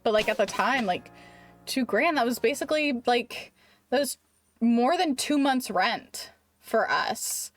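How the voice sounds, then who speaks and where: Chatty young woman streamer, slightly high voice. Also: unhurried, no room sound. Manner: animated, rambling, heavy use of "like". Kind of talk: casual storytelling during a live game stream.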